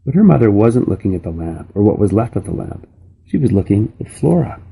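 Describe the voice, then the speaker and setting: Gravelly man reading a children's novel. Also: fairly low pitch. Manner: steady, unhurried storybook reading. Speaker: reader.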